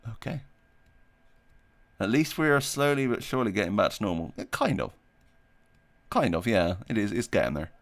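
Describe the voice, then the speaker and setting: A man's voice: on the low side, very animated, normal speed, pauses often, no room sound. A man chatting casually on a livestream, reading out viewer questions and rambling with frequent laughs. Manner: rambling, self-deprecating, laughs often; reads chat questions aloud while playing. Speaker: streamer answering viewer questions.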